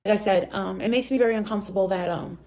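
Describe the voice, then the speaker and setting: A woman's voice: medium pitch, fast talker, warm tone. A woman talking on a live stream, hesitant and full of ums. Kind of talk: casual live chat.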